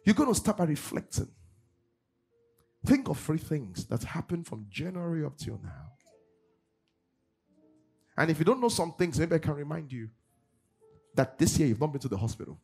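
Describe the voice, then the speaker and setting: A man's voice: fairly high pitch, big pitch swings, moderate pace, creaky, pauses often, darkish tone, breathy edge, faint music behind. A middle-aged man preaching a sermon as pastor, acting out congregants' voices and laughing often.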